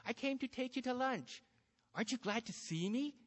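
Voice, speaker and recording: Male reader doing an overbearing, bright-toned middle-aged mother with a lilting voice, in a reverberant room. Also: very high voice, expressive, pitched above the performer's own voice. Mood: bright, pushy. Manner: brisk, insistent, overbearing cheer. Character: pushy, chattering Chinese mother, middle-aged woman.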